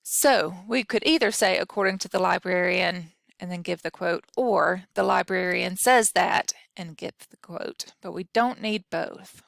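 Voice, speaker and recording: A woman's voice: on the low side, measured pace, vocal fry, few pauses, a bit bright, no echo, clean studio sound. A woman instructor giving a recorded grammar lesson, explaining patiently and talking through example sentences aloud.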